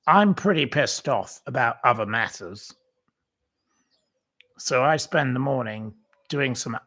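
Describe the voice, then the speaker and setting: A man hosts his own channel in a loose, conversational way, at a middle pitch. He drifts from one aside to the next, filling gaps with ums and restarting his sentences as he tells a long anecdote. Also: a bit bright. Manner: rambling anecdotal storytelling with many fillers. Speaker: channel host. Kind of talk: casual livestream chat.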